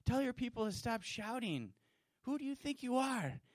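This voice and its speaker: A man voicing angry male religious leaders who accuse and scold, rising to a near shout. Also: very high voice, very animated, moderate pace, dry recording, clean studio sound, pitched above the performer's own voice, heavily acted. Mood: indignant. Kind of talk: storytelling to children.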